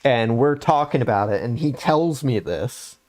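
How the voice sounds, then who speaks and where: A man's voice: medium pitch, expressive, unhurried, darkish tone. A young adult man casually recounting a game story on a podcast, rambling with lots of fillers. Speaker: podcast host.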